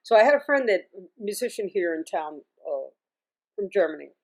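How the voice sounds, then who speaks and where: A middle-aged woman, a singer and music teacher, telling stories as an interview guest in a chatty, animated way, often laughing and restarting her sentences. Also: medium pitch, normal speed. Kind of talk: casual interview storytelling.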